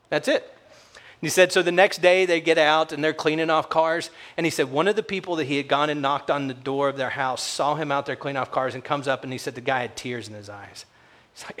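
Lively storytelling male pastor. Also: on the high side. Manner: conversational storytelling, acts out quoted voices. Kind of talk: sermon.

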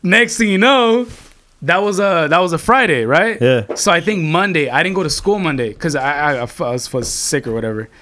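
A man's voice: a little high, expressive, a little fast, pushed and bright, slight background noise. A young man telling a long story to his friends in casual chat, rambling and swearing, with lots of filler words.

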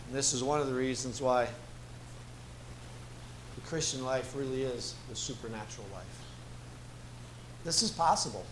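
A man preaching as a guest pastor, slow and emphatic, repeating key phrases for weight. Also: mid-range voice. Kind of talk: sermon. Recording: echoey room with faint ambient noise.

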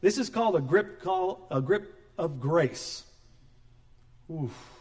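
A middle-aged man preaching a sermon as pastor, animated and joking, acting out quoted voices. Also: on the high side, takes it slowly.

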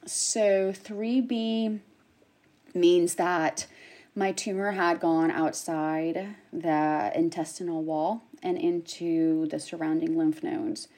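A woman in casual chat, telling a personal story with lively acted-out quotes. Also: on the low side, slow. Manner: animated storyteller, acts out quotes. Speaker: guest sharing her story.

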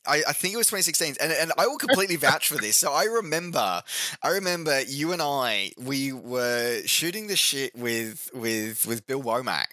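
A man co-hosting a podcast in relaxed chat, his voice bright and recorded dry and close. He tells stories eagerly and stumbles over repeated words when excited. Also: mid-range voice, moderate pace, no echo. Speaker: podcast co-host. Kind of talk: casual chat.

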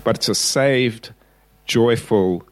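A man's voice: mid-range voice, slow. A man preaching a sermon in a conversational, wry way, with emphatic repetition.

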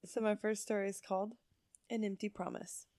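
A woman's voice: mid-range voice, steady tone, brisk, warm tone, dry recording, studio quality. A young woman cohosting a casual podcast, teasing her friend and giggling a lot. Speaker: podcast co-host. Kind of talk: casual chat.

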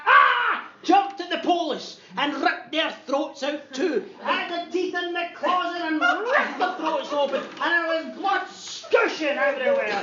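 A Scottish woman telling a comic horror story in an animated, dramatic way, often laughing. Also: high voice. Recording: echoey distant dull recording, noisy.

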